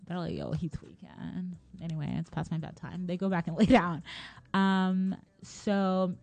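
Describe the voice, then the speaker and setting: A woman's voice: on the low side, steady tone, normal speed, darkish tone, dry recording. A young woman casually retelling a story in a rambling, slangy way, full of fillers and laughs.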